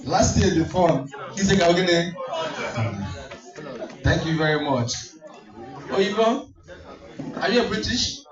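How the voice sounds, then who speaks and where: A man's voice: sits high, animated, takes it slowly, pauses often. A man working the crowd as a comic MC at a community party, teasing and playful. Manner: teasing, playful crowd work with frequent laughter. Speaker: event MC and comedian. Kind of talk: live MC banter with crowd. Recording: distant echoey hall mic, dull sound. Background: music playing.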